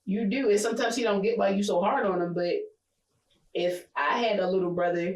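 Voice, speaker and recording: A woman's voice: mid-range voice, fairly even intonation, fairly quick. A woman co-host in casual chat, speaking. She tells her story bluntly and with a lot of profanity, livening up whenever she acts out what people said. Her voice sits in a middle range and echoes around the room. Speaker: podcast co-host.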